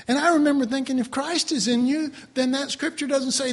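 A man preaching a sermon to his class, animated, swinging between loud outbursts and quiet asides. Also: very high-pitched, fairly quick, few pauses, long reverb tail. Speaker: preacher teaching a Bible class.

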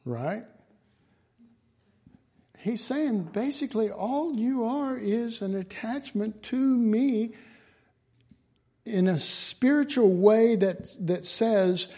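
A man's voice: very high voice, lively intonation, slow pace, pauses often, dark tone, breathy edge. A man giving an informal Bible teaching in a folksy way, chuckling often and restarting his phrases.

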